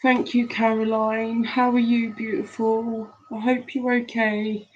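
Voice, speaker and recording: A grieving, tearful woman chatting with viewers on a live stream from home, halting with many pauses and fillers, on a laptop mic. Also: on the high side, little pitch movement, darkish tone, dull audio, slight background noise.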